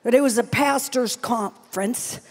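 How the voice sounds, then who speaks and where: A middle-aged woman preaching a sermon at a large live conference, telling a self-mocking story with animated bursts and prayer in tongues. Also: on the high side, moderate pace. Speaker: conference speaker.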